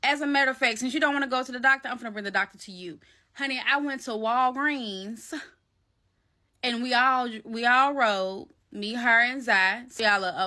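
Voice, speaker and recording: A woman telling a story in a casual storytime vlog, animated and slangy, talking straight to her viewers. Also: a little high. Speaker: vlogger.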